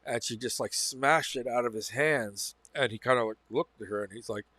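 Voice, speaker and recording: A man's voice: medium pitch, moderate pace, pushed and bright, no echo. Man telling a rambling personal story. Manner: rambling, repeats phrases, self-corrects. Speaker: channel host. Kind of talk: casual first-person storytelling.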